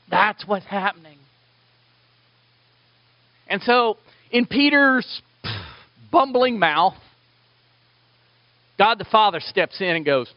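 A pastor preaching a sermon in an animated, conversational, self-deprecating way. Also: male voice, high-pitched, slow, pauses often, dry recording, muffled recording.

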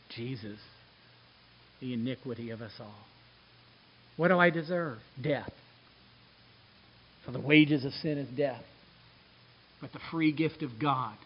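A male pastor with a notably high voice delivers a sermon. He swings from bright, excited exclamations down to soft, hushed asides. The recording sounds somewhat dull and lo-fi.

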